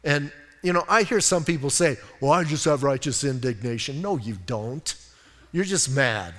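A man's voice: mid-range voice, lively intonation, normal speed, a bit bright, in a large hall. A man preaching a sermon as pastor, conversational and self-deprecating, telling funny stories about himself. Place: church sanctuary.

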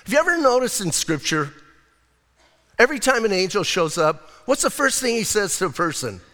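A male pastor preaching a lively, conversational sermon and acting out quotes as he goes. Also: high voice, a little fast, big-room sound.

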